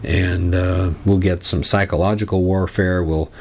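A man's voice: low voice, level tone, measured pace, darkish tone. A man teaching a Bible study lesson in a casual, conversational way, with frequent fillers.

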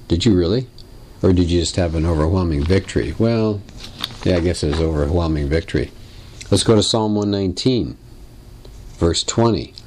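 A man's voice: low voice, darkish tone, a little hiss or hum. A man teaching a lesson on biblical poetry, asking wry rhetorical questions in a conversational way. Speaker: Bible teacher.

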